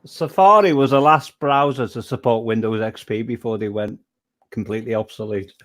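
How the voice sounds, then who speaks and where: Brief: male stream host, mid pitch, loose rambling delivery, jokes at his own expense. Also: normal speed, a bit bright. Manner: rambling, self-deprecating, jokey. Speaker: livestream host. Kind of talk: casual chat.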